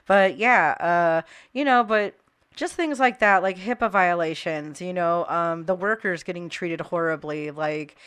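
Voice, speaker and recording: A young woman from the Midwest, speaking as an interview guest in a passionate, halting way with many fillers. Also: lowish voice, a bit bright, smooth. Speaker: interview guest, cannabis and labor advocate. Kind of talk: casual conversational interview.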